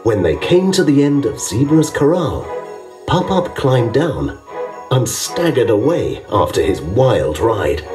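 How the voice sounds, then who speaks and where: A man reads a children's story slowly, with a very lively, sing-song pitch. He sounds distant, with music playing clearly behind him. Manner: expressive, measured storytelling. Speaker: storybook narrator.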